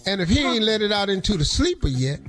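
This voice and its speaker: A man hosting a radio show, riffing in a loud, animated, jokey storytelling way. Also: sits high, fast talker, soft background music. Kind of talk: comedic radio talk.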